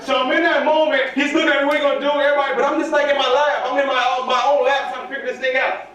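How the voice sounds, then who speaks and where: A man giving a lively storytelling talk to a live student audience and calling out for their answers. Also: very high voice, fast talker, lo-fi sound, a faint crowd. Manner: animated, calls for audience answers. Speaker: motivational speaker at student workshop. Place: large hall at a live event. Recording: echoey hall from far off.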